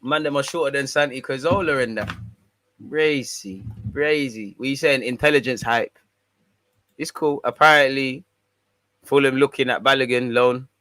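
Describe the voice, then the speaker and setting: A man hosts a fan livestream, answering viewer comments in laid-back, slang-heavy banter. His voice sits at an ordinary mid pitch. The recording is close and dry, with no room echo. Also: moderate pace, long pauses, pushed and bright. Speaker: fan channel host. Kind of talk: casual livestream chat, reading viewer comments.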